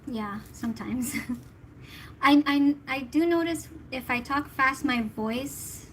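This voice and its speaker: A woman's voice: high voice, takes it slowly, slight background noise, poor audio. A woman from the Philippines, a tarot reader chatting casually with her livestream viewers in a giggly, talkative way.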